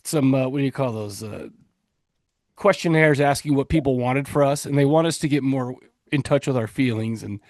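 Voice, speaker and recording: A podcast co-host with a medium-pitched, darkish voice talks at normal speed in casual chat, joking, rambling and often starting over. The recording is dry and clean, studio-grade.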